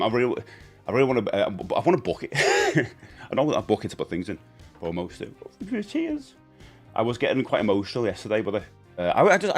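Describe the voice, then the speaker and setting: A man hosting a live stream in casual chat, rambling and greeting viewers as he goes. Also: medium pitch. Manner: chatty, rambling, greets viewers, stumbles and repeats.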